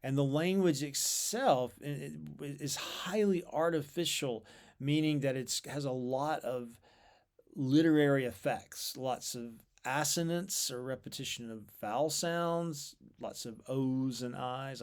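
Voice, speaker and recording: A man in the middle of his pitch range gives an explanatory talk about poetry. He sounds thoughtful and measured. He pauses on fillers and repeats words as he works out his points. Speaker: literature lecturer.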